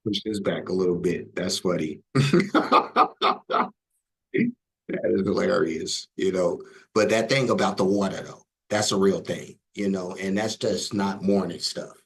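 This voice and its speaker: A man hosting a reaction video, talking in a low, gravelly voice with a husky edge. He comments in a relaxed, rambling way, full of fillers. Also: normal speed, hardly any pauses, poor audio. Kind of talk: casual commentary.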